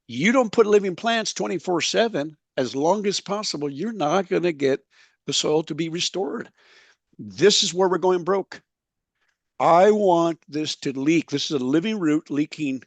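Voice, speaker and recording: A man's voice: fairly high pitch, no room sound. Emphatic, folksy man with a dry sound. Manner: emphatic, folksy, slows to stress key points. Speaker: soil health speaker. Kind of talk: animated conference presentation. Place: conference session.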